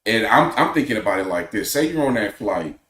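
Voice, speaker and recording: Low voiced guy on a podcast, measured, opinionated, kinda echoey room. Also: expressive, a bit bright. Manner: measured, opinionated, poses questions. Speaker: podcast co-host. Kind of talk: casual podcast chat.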